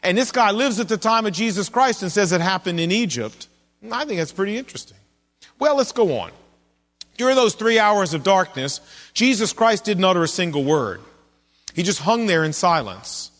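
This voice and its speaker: A man's voice: high-pitched, sing-song, moderate pace, fairly bright tone, big-room sound. A man preaching a sermon in a conversational way, asking his listeners questions as he goes. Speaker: pastor.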